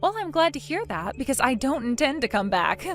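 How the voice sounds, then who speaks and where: A woman voicing a defiant daughter-in-law in a text-message story, sarcastic and mocking, with soft music behind. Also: sits high, very animated, fairly quick, full character voice. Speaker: narrator of the story.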